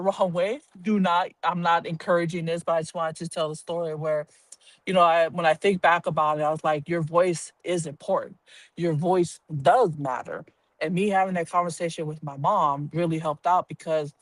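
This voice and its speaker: A man telling a personal story to a live audience, animated and blunt, swearing casually and acting out the voices of the people in it. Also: fairly high pitch, no echo. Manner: animated, acts out quoted voices, laughs while telling.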